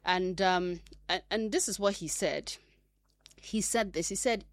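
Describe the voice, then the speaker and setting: A woman's voice: mid-range voice, lively intonation, moderate pace, dry recording, clean studio sound. A woman hosting a radio talk segment, delivering an earnest, emphatic monologue full of fillers and restarts. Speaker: radio host.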